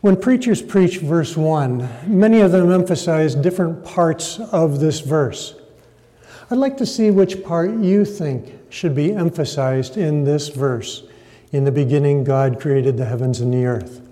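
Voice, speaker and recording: Slow, mellow preacher in a hall. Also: male voice, a little high. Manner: dramatic emphasis, polling the audience. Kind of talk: sermon. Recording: echoey hall reverb.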